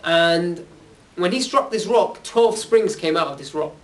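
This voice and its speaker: High-voiced man preaching, from afar. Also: measured pace. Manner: chatty, keeps asking "yeah?". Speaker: Islamic preacher. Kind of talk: casual talk to young audience. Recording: voice from far off the mic.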